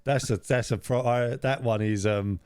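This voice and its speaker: A man's voice: mid-range voice, steady tone, moderate pace, a little mellow, smooth, no echo, studio quality. A man co-hosting a podcast, chatting casually, laughing often and repeating phrases for comic effect. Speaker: podcast co-host. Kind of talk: casual chat.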